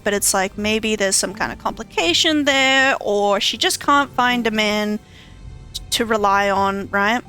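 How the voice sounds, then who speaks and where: Bright-voiced, swearing woman game streamer. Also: fairly high pitch, smooth. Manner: exclamatory and profane, often laughing. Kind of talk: casual let's-play commentary.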